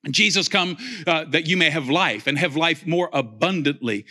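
Bright-voiced, animated male preacher. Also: fairly high pitch, moderate pace. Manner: animated, rising to near-shouts, joking asides. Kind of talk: sermon.

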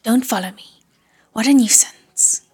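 A woman voicing a manic, cruel male ghost in a whispered role-play, shrill and mocking. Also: steady tone, unhurried, slightly rough, faint music behind.

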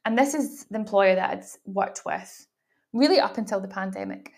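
Young woman w a soft glaswegian accent rambling on her own podcast, chatty, keeps restarting lines, laughs here and there. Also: mid-range voice, normal speed. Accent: mild Glaswegian Scottish. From Glasgow, Scotland. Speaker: podcast host. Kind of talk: solo podcast monologue.

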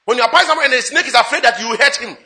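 A man preaching a sermon, mixing in a second language, with sudden swings from loud to hushed. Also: rapid-fire, slight background noise. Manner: switches between English and Twi, dramatic swings in pitch and volume. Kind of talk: sermon with interpreter.

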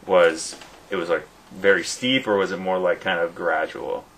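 Deep-voiced man telling a story. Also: normal speed, poor audio. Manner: rambling, animated, lots of fillers. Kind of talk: casual storytelling chat.

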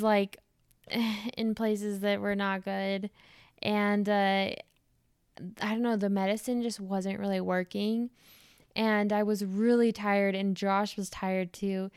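A woman's voice: mid-range voice, little pitch movement, takes it slowly, darkish tone, smooth, dry recording, studio quality. A young woman hosting a podcast, telling a story in a chatty way full of "like" fillers. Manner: chatty, many "like" fillers, laughs through story. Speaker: podcast host. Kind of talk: casual storytelling chat.

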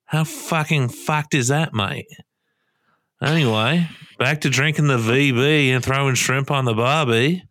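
A man's voice: mid-range voice, unhurried, a bit bright, dry recording, clean studio sound, lightly acted. A man voicing a boozy, rowdy Australian bloke with a rambling, crude, swaggering manner.

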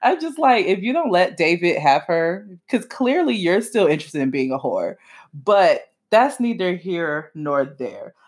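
A young woman giving a casual, opinionated monologue about a reality show, sassy and animated, her pitch swinging up and down for emphasis. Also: unhurried. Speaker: podcaster reviewing reality TV.

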